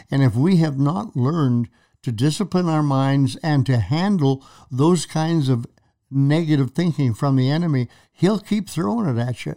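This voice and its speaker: A man's voice: fairly high pitch, a little slow, warm tone. A man co-hosting a faith talk show, retelling Bible stories and acting out quoted lines with dramatic emphasis. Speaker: preacher co-host. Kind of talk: conversational Bible teaching.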